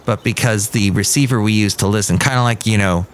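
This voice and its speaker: A man's voice: lowish voice, a little fast, a little hiss or hum. A man hosting a solo podcast in casual chat, rambling with jokey asides. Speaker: podcast host. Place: outdoors at a cafe.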